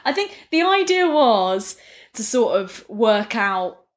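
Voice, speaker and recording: A woman's voice: on the high side, sing-song, takes it slowly. A woman co-hosting a comedy podcast, playful and self-mocking as she rambles through improvised chat. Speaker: podcast co-host.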